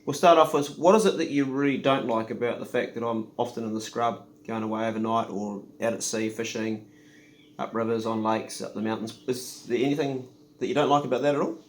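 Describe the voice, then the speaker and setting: A man's voice: medium pitch, steady tone, brisk, a little hiss or hum. A middle-aged man, hosting a casual, joking chat at home with his partner. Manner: joking, self-mocking. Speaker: host.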